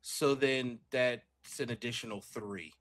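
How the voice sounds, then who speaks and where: A man playing a tabletop game, talking casually and telling stories in an animated way, often laughing. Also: medium pitch, slow pace.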